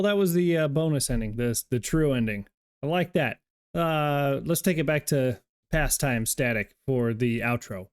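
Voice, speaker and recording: A man's voice: medium pitch, measured pace, clean tone, faint music behind. A man giving casual, reflective game commentary in a loose, unpolished way. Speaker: gaming YouTuber.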